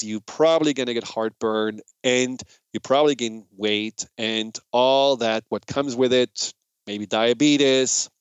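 A man with a German accent talks as a radio host in an easy, conversational way. His voice is smooth and resonant, recorded dry and close with no room sound. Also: mid-range voice, no room sound. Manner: relaxed, conversational, with fillers and restarts. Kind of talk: casual radio talk.

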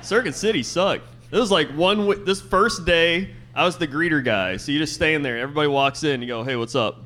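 A man's voice: on the high side, brisk, bright, forceful tone. A man co-hosting a live podcast, telling rambling, laughing anecdotes and acting out the people in them. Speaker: podcast co-host. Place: live venue stage.

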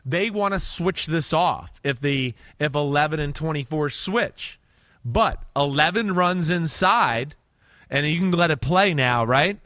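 A middle-aged man from New York breaking down football plays in a casual, animated way, sometimes shouting as he relives the action. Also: fairly high pitch, a little slow, no echo. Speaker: football analyst co-host. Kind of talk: casual sports film breakdown.

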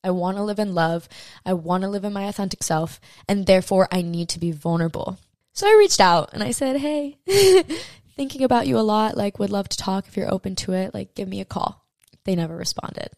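A young woman hosting a podcast delivers a personal confessional monologue while crying, emotional and swearing freely as she acts out her own inner voices. Her voice is medium-pitched, gravelly and a little mellow, and she speaks at a quick pace. The recording is clean studio sound with no room sound.

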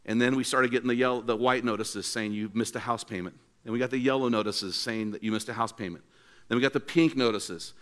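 Older man, pastor, church sermon, storytelling, bright forceful voice. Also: medium pitch, quick pace. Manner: animated storytelling preacher, acts out quotes.

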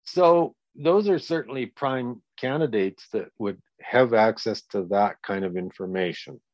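A man's voice: fairly low pitch, unhurried, no room sound, dull audio. A man in his sixties, a grieving father giving a blunt, profane interview and acting out the people he quotes. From Canada. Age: 60s. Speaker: guest, victim's father. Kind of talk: candid interview.

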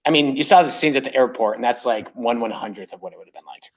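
A man's voice: mid-range voice, expressive, rapid-fire, a crowd in the background. A man from New York State, a fan club chapter president, chatting as a podcast guest and telling long, rambling stories full of "like". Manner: rambling storyteller, heavy use of "like". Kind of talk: casual podcast chat.

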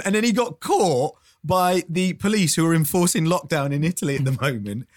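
A man's voice: on the high side, animated, measured pace. A man telling a story in a casual podcast chat, laughing often as he goes.

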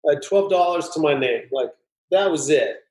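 A man's voice: on the high side, normal speed. A middle-aged man, a screenwriter guest, telling a story casually and acting out the voices in it. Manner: animated, acts out voices in anecdotes. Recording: roomy echo.

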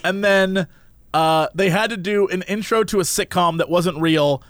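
A man's voice: high-pitched, moderate pace, no room sound. A man co-hosting a casual chat, telling stories animatedly and acting out quotes. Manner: animated storyteller, acts out quotes with laughter. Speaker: podcast co-host.

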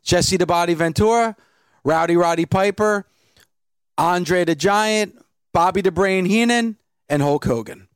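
A man co-hosting a podcast, lively as he tells a story. His voice sits fairly high. The room sound is dry. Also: a little slow, smooth, no room sound. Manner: animated storyteller. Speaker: podcast co-host. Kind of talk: casual chat.

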